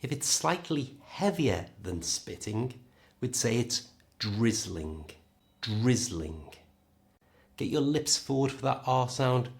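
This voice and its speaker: A man with a British accent teaching a pronunciation lesson, modelling each word slowly and clearly. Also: medium pitch, big pitch swings. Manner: slow, clear, modelling words for the learner. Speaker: English teacher.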